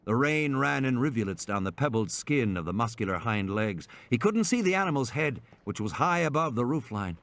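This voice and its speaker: A man's voice: normal speed, hardly any pauses. A man narrating an audiobook in a dramatic, scripted style. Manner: dramatic, lively pitch swings.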